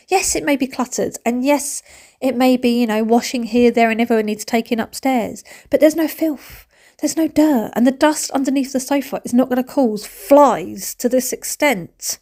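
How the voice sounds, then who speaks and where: A woman's voice: a little high, normal speed, darkish tone. A woman, chatting animatedly in a home cleaning vlog, dropping to whispers and rising to squeals. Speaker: vlogger. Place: family home.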